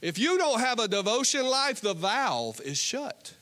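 On a church stage with soft guitar worship music behind him, a pastor preaches in a very high-pitched, unhurried voice with big pitch swings. He shifts between impassioned, fervent appeals and joking stories.

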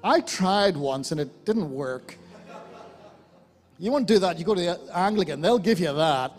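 Fervent Irish pastor preaching in a church hall. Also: male voice, high voice, animated, moderate pace, soft background music. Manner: fervent, swings from loud exclamations to quiet soft-spoken appeals. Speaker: lead pastor. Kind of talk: sermon.

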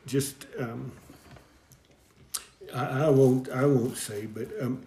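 A middle-aged man telling his life story in an interview, rambling and halting, with frequent chuckles. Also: mid-range voice, fairly even intonation, dark tone, slight background noise. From American Southwest. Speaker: guest deacon. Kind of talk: storytelling in conversation. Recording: echoey room.

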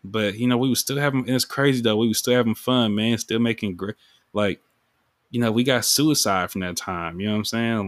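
A man's voice: on the low side, fairly bright tone, no echo. A man hosting his own podcast, talking in a rambling, emotional way about his music, with many fillers. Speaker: podcast host and music artist. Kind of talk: casual reflective monologue.

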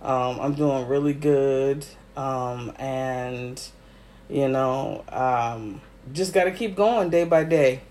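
A man's voice: mid-range voice, slow pace, darkish tone, slight background noise. A man hosting a casual solo podcast, teary, emotional and effusive, with frequent ums. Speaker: podcast host.

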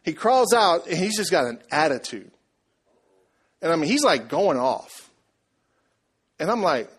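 A man preaching a sermon, telling a story and asking the congregation questions in a lively, conversational way. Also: a little high, measured pace, pauses often, breathy edge. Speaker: pastor.

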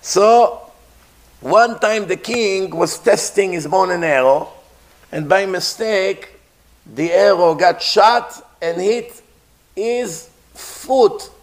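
A man giving a sermon who tells a story, slowly and emphatically, repeating his phrases. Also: sits high.

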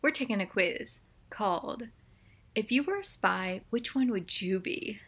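A young woman in a casual co-hosted chat, talking in a relaxed and chatty way with frequent fillers. Her voice sits at an ordinary medium pitch. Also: a little slow, music in the background. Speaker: co-host.

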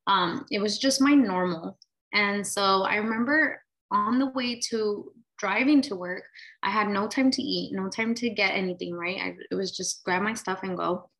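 A woman's voice: medium pitch, moderate pace, a bit bright, low-quality recording. A woman in her late twenties or thirties telling a personal story in a candid, casual way, full of "like" and "right?" fillers. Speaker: vlogger sharing her story.

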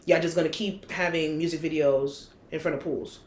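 A woman co-hosting a casual chat, blunt and profane, telling stories with animated energy. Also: low voice, normal speed, roomy sound. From United States. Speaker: podcast co-host.

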